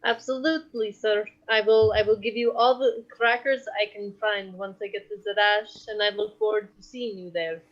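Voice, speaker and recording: A woman playing a tabletop game, talking in a polite, patient way and gently scolding. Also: medium pitch, steady tone, moderate pace, few pauses. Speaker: player. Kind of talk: casual tabletop role-play. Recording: dull lo-fi mic.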